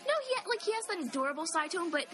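A woman chatting casually about a movie, giggly and animated, acting out lines. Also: very high voice, racing, over music.

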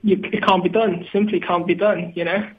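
A man's voice: high voice, fairly even intonation, moderate pace. A man with a British accent calling in to a casual chat show, teasing and hesitant, often repeating his words. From Britain. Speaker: caller. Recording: tinny phone line.

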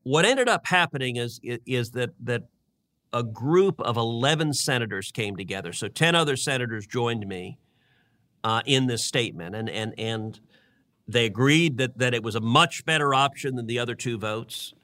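A man's voice: mid-range voice, lively intonation, normal speed, sharp tone. A middle-aged man, a senator, explaining his reasoning in casual political talk, earnest and often repeating words as he builds a point. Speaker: senator and co-host.

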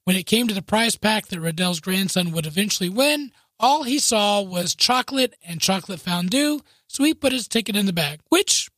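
Chatty co-host type, bright voice, laughs through the story, recorded close and dry. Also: medium pitch, animated, normal speed, hardly any pauses, no echo. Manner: laughs often while telling stories, chatty asides. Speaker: podcast co-host. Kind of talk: casual chat, reading news aloud.

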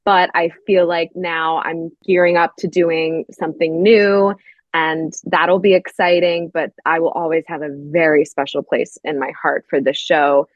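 A woman's voice: sits low, flat delivery, a little slow, dry recording, dull audio. A young woman, a stage actress and podcast guest, chatting in a bubbly, talkative way, filling her story with likes. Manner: bubbly, chatty, many likes, acts out quoted voices. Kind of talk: casual chat, telling an anecdote.

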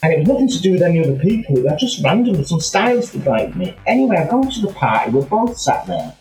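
Animated storyteller, slightly high voice. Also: male voice, quick pace, reverberant, faint music behind, poor audio. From England. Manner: animated anecdotal storytelling with many asides. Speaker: guest. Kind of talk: casual chat.

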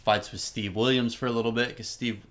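A man co-hosting a podcast, chatting casually and telling stories with animated energy, acting out what people said. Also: mid-range voice, brisk. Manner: animated storytelling, acts out quoted lines. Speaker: podcast co-host. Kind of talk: casual chat.

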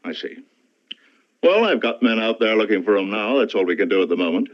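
An actor plays a skeptical middle-aged police inspector who questions a witness in a brisk, doubtful manner. The voice sits fairly low. It comes through a dull old film soundtrack. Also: male voice, lively intonation, natural voice.

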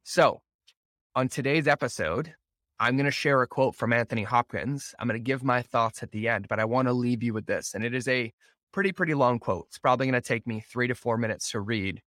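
A man at a middle pitch hosts a solo motivational podcast. He speaks in an earnest, emphatic way and repeats words for weight. The sound is close and dry, with no room around it. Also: fairly bright tone, dry recording. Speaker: podcast host.

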